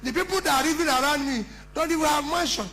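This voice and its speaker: A man's voice: extremely high pitch, fast talker, bright, forceful tone, a little hiss or hum, poor audio. A middle-aged man with a Nigerian accent, giving an impassioned campaign speech at a conference, emphatic and full of rhetorical questions. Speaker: politician addressing a conference.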